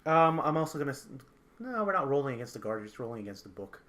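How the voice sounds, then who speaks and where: A man running a tabletop game as game master, explaining rules in quick, halting bursts with many restarts. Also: mid-range voice, sing-song, fairly bright tone.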